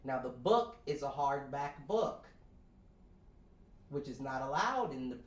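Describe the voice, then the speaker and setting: A man's voice: medium pitch, measured pace, echoey room, highs cut off. A man co-hosting a podcast, telling a story in casual chat and acting out the people in it. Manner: animated retelling, acts out quoted voices. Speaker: podcast co-host.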